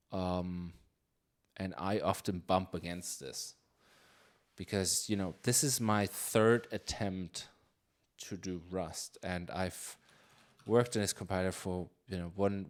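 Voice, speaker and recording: A man live-coding on a stream, chatting casually and thinking aloud with many fillers and restarts. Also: low-pitched. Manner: reads chat questions aloud.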